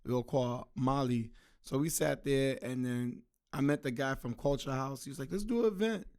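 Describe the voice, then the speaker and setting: A man guest on a podcast, telling stories in a relaxed, slangy, casual way. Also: medium pitch, moderate pace, clear, resonant tone. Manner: laid-back, slangy storytelling. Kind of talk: casual storytelling chat.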